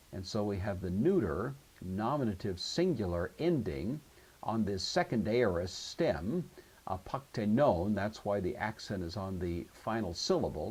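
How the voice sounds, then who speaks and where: A man's voice: low-pitched, darkish tone, slightly rough. A man teaching a grammar lesson, working through exercises methodically and explaining each form step by step. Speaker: Greek teacher.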